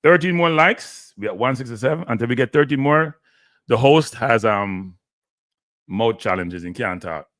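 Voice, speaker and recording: A man's voice: medium pitch, animated, normal speed, fairly bright tone, dry recording, studio quality. A Jamaican man hosting a live stream, annoyed and pleading with his viewers. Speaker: live show host.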